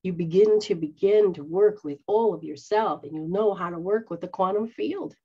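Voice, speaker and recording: A woman's voice: fairly low pitch, normal speed, slightly rough. A woman who is a psychic medium and spiritual teacher, talking earnestly to her followers and acting out quoted voices. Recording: dull lo-fi sound.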